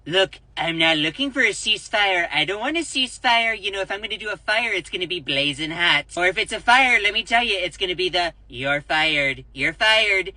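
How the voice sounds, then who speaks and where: A blustering older politician who brags and rambles, sharp and bright in tone, as a man mocks him in a vlog. The sound is dry and close, with no room around it. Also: high voice, lively intonation, a little fast, few pauses, dry recording, exaggerated voice, rough recording. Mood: boastful. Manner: mocking, exaggerated quoting.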